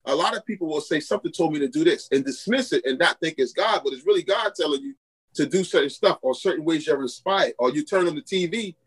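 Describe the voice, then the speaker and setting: A man's voice: fairly high pitch, quick pace, slightly rough, poor audio. A man, a pastor and podcast guest, telling a personal testimony and acting out the voices of the people in his story. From Queens, New York. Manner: animated storyteller acting out quoted dialogue.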